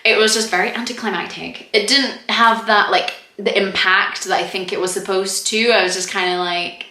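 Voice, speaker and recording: A young woman talks casually into the camera about a series she just watched, her voice bright and forceful. She fills her talk with "like" and acts out lines in mock voices between little laughs. The room around her rings with echo. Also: medium pitch, fairly even intonation. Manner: chatty, lots of "like", quick laughs and mock quotes. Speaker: TV review vlogger. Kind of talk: casual review chat to camera. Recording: echoey room.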